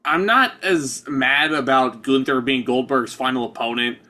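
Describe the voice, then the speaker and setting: A man's voice: medium pitch, unhurried, pushed and bright. A man co-hosting a casual wrestling review podcast, easygoing and hedging with casual swearing. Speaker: podcast co-host.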